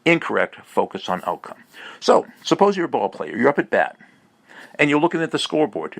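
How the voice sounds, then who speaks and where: A man's voice: mid-range voice, big pitch swings, normal speed, gravelly, breathy edge. A man giving a recorded motivational message as a speaker and teacher, emphatic and repetitive like a coach.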